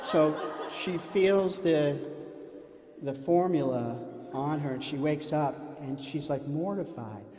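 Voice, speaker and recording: Animated man telling a comic story. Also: on the high side, takes it slowly, in a large hall. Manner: animated, self-mocking, acts out other voices.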